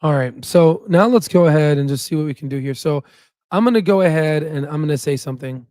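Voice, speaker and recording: Guy ranting on a stock livestream, kinda high voice, dry sound, lots of "right?" and restarts. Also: a little fast, a little mellow, no echo. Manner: heated and ranting, with frequent "right?" tags; rambling with restarts and self-corrections. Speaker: stock market livestream host. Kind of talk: casual livestream commentary.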